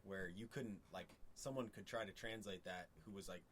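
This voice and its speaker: Man, deep voice, laid-back casual talker. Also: normal speed, slight background noise. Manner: relaxed, laid-back, peppered with "like". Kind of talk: casual chat.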